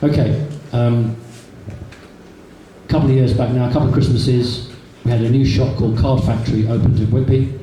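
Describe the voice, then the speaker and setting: Guest speaker, man, dark mellow voice, echoey hall with faint hiss. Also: mid-range voice, fairly even intonation, normal speed, recorded from a distance. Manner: chatty anecdotal storytelling with repeats. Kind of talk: public talk to a live audience. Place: meeting hall. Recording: echoey hall from a room recorder, faint noise.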